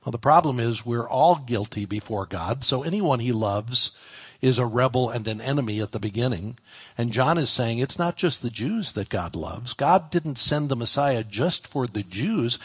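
Husky-voiced man preaching a sermon. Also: mid-range voice. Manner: conversational, stresses single words with slow pauses. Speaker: pastor. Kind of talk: expository sermon.

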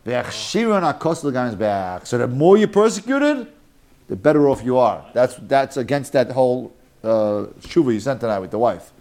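A man teaching a lively Talmud class, mixing Hebrew and Yiddish terms and joking with his students. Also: mid-range voice, normal speed.

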